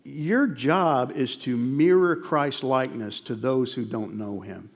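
A man's voice: medium pitch, takes it slowly. A male pastor preaching a sermon, earnest and emphatic, repeating key phrases and telling stories to make his point. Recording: long reverb of a large hall.

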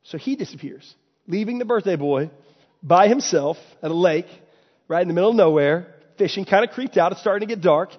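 A man preaching a sermon, telling a story animatedly and building to loud excited bursts. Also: high-pitched, fairly quick. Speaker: pastor. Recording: dull sound with long hall reverb.

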